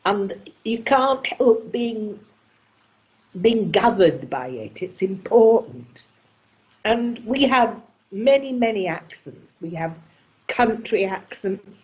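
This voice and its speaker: A woman from England with an English accent, talking in an expressive, theatrical way. Her pitch sits in an ordinary middle range and moves freely. The recording is a little dull and muffled. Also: takes it slowly. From England, born in Oxford. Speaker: actress, festival guest. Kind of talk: conversational interview.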